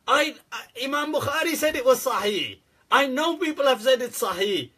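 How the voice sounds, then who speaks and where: A man holds forth in a casual, sarcastic rant, breaking into laughter and swearing freely. His voice sits high and has a husky edge. He talks loosely and bluntly. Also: expressive, normal speed, bright, forceful tone. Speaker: Islamic scholar answering questions. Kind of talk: casual ranting commentary.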